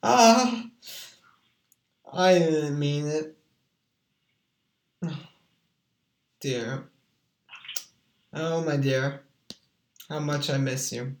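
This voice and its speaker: Dramatic lady crooning and yelling, slow, sounds roomy. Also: low voice. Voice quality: theatrical, swings between crooning and shouting. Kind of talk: casual chat with sung snippets. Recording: echoey room.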